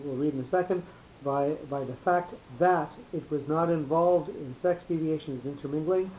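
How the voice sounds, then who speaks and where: Man teaching a class in a roomy space. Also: a little high. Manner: measured, patient explaining with many pauses. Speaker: teacher of Torah cantillation. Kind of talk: classroom lesson, explaining. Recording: roomy, dull, slightly noisy recording.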